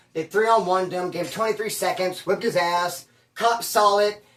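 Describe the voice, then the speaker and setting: A man who served time telling prison stories in a casual, slangy, animated streetwise way. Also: high-pitched, recorded from a distance. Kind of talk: casual storytelling. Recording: roomy sound from away from the mic.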